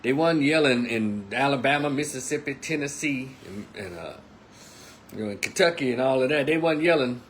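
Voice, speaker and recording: Animated man telling a story. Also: mid-range voice, normal speed, slight background noise. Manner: animated storytelling, acts out quotes. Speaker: commentator. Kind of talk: casual monologue.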